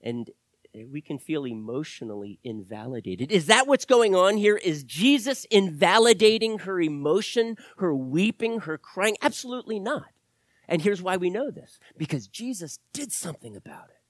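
A middle-aged male pastor preaching a sermon, animated, swinging from loud exclamations to hushed, whispered asides. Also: sits high, moderate pace, no echo.

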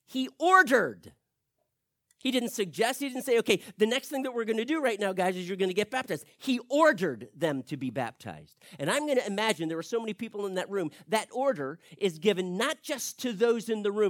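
A man preaching an expository sermon, animated and acting out the people he quotes. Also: high voice, brisk, dry recording, studio quality. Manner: animated, acts out quoted speech.

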